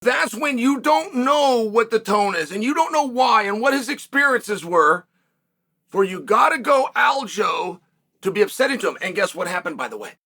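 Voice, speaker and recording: A man's voice: extremely high pitch, animated, moderate pace, pushed and bright. A man hosting a solo sports commentary show, talking emphatically, asking rhetorical questions and sometimes raising his voice. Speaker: combat sports commentator host.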